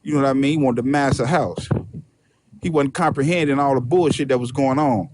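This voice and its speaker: A man's voice: mid-range voice, fairly quick, background noise. A man hosting a show, delivering a heated, profane rant full of repetition. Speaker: host. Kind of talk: profane ranting commentary.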